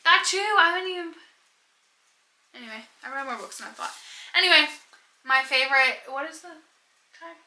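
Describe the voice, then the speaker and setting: A woman's voice: high voice, expressive, normal speed, long pauses, bright, forceful tone, reverberant, low-quality recording. A young woman chatting casually about books on a vlog, rambling and giggling as she goes. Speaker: book vlogger. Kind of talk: casual chat.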